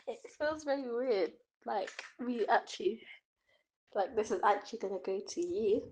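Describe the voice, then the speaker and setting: A woman's voice: a little high, low-quality recording. A woman sending in a recorded voice message, nervous and giggly. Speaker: voice note sender.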